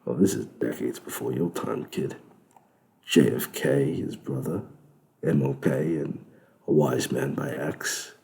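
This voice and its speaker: A man's voice: a bass voice, unhurried, creaky, darkish tone, voice pushed down, heavily acted. A man voicing a suave, sardonic male devil who runs a club, speaking with a British accent in a smug, lecturing way. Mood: amused.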